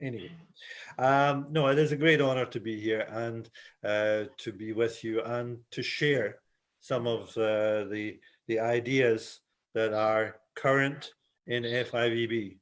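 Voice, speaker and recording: An older man with a Scottish accent, giving a webinar lecture as a refereeing instructor, speaking slowly and with hesitation over a video call. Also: mid-range voice, fairly even intonation. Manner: deliberately slow, hesitant delivery.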